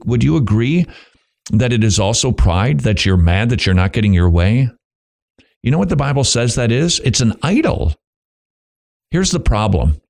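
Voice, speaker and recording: A man hosting a Christian radio talk show, preaching emphatically with rhetorical questions and quick bursts of speech. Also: lowish voice, darkish tone. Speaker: radio host. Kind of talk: preaching on biblical parenting.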